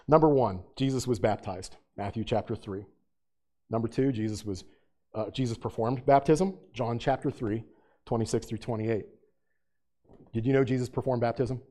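A man's voice: mid-range voice, mellow. A man preaching a sermon as pastor, asking his congregation rhetorical questions and rising to fervent emphasis.

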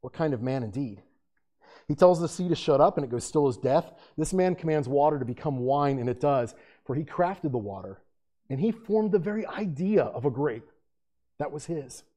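Guy preaching a sermon, kinda high voice, chatty then loud when he reads scripture. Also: expressive, moderate pace, long pauses. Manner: conversational preaching, rising to loud emphatic scripture reading. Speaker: pastor.

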